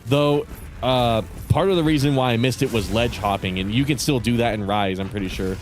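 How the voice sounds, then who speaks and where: A young man chatting over his gameplay in a loose, rambling way, swearing often and trailing off mid-sentence. His voice sits at an everyday middle pitch. Faint game music plays softly behind him. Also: brisk. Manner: rambling, profane, laid-back. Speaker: streamer. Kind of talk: casual gaming commentary.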